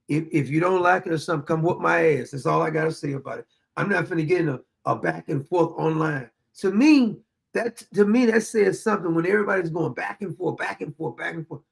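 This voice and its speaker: A man with a gravelly, fry-heavy voice sitting high in his range, ranting about politics with blunt defiance. He curses freely and circles back over his points, like an unscripted show host. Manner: blunt, defiant, profane, repeats himself.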